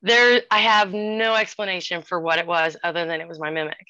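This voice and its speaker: A woman in her forties casually telling a ghost story, animated and acting out the voices of the people in it. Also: fairly low pitch, brisk, no room sound. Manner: animated, acts out quoted voices. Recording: dull lo-fi sound.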